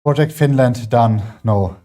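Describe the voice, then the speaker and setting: A man's voice: mid-range voice, measured pace, dark tone. A man with a German accent, a fitness livestreamer, chatting casually and rambling with many fillers while training in his home gym. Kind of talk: casual chat while working out.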